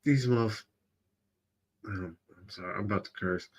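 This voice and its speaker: A man hosting a stream, reacting casually with slang, frequent laughter and quick apologies for cursing. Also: on the low side, slightly rough. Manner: laughs often, slangy, curses then apologizes. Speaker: streamer host.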